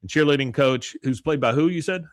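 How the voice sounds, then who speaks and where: A man's voice: medium pitch, a little fast, no room sound, studio quality. A man co-hosting a podcast, casually recapping a cartoon episode in a rambling way, often laughing and acting out the characters' lines. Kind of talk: casual chat.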